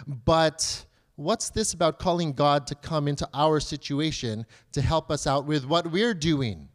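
A man in his thirties preaching a sermon in a conversational way, asking rhetorical questions and acting out pleas in a higher voice. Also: measured pace. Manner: acts out children's and believers' pleas in a higher voice. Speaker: pastor.

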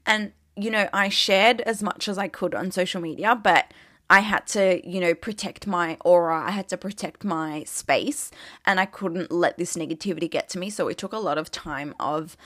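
A woman's voice: lowish voice, moderate pace, a bit bright, no room sound, studio quality. A young woman with an Australian accent, a social media creator talking casually and candidly, full of "like" and easy swearing. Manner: chatty, peppered with "like", swears casually.

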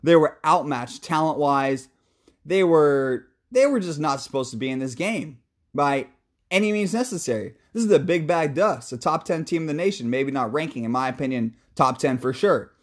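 A young man hosts a casual sports talk show with a fairly high voice. He rants heatedly and swears without a filter. Every so often he talks himself back down to a calmer pace. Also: moderate pace. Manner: heated, animated, swears freely, calms himself down. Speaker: sports podcast host. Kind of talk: casual sports commentary rant.

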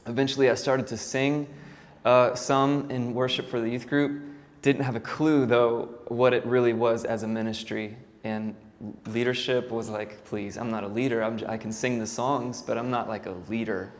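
Male worship pastor, thirties, easygoing self-deprecating storyteller, mid-pitched, recorded in a long-reverb hall. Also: little pitch movement, moderate pace. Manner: casual storytelling, self-deprecating, many fillers. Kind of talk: church talk. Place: church hall. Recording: hall reverb, faint ambient noise.

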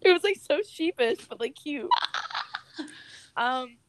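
A woman's voice: high voice, lively intonation, slow pace, slight background noise. A woman hosting a podcast, chatting in a laid-back, rambling way. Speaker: podcast host. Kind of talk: casual podcast chat.

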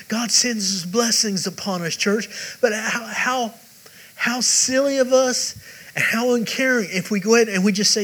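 A man's voice: high voice, normal speed, a bit bright, low-quality recording. A male pastor preaching a sermon with emphatic, repetitive phrasing and direct questions to the congregation.

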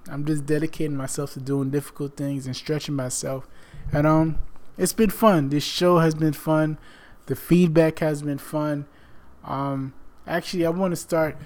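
A podcast host chats casually, rambling with lots of fillers and restarts while his voice gives out. He is a man with a fairly high pitch and a darkish tone.

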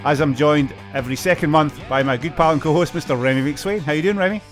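A man hosts a casual football podcast with a somewhat high voice, lively and joking, dropping local slang as he goes. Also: fast talker, soft background music. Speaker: podcast host.

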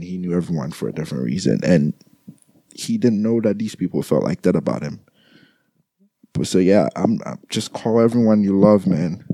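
A young man with a very low, mellow voice talks through his grief in a halting personal monologue. He stumbles and repeats his words and sounds like he is holding back tears. The sound is close and dry. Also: husky, no echo. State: grieving, trying not to cry. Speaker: grieving brother addressing listeners.

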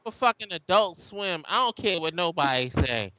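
A man's voice: high-pitched, expressive, moderate pace, sharp tone, dry recording. A man co-hosting a casual movie commentary chat, blunt, profane and scoffing, on slightly dull lo-fi audio. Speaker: podcast co-host.

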